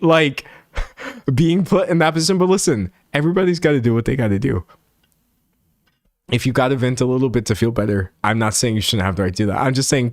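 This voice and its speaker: A young man chats on his live stream, riffing on viewer comments in a rambling, self-mocking way. His voice sits at a middling pitch and sounds dry and close, with almost no room around it. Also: dry recording. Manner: rambling, self-mocking, animated, laughs often. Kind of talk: casual chat reading stream comments.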